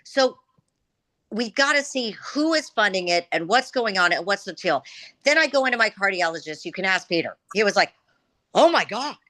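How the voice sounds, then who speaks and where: A woman ranting emphatically in a casual discussion, her throat rough and catching, with frequent "okay?" tags. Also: mid-range voice, animated, moderate pace, bright, forceful tone.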